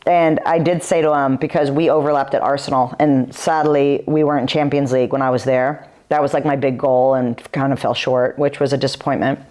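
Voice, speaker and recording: Low-voiced chatty woman in her forties. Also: fairly even intonation, a little fast, few pauses, darkish tone. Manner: chatty storytelling, filler-heavy "like". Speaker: guest, retired pro footballer. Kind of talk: podcast interview.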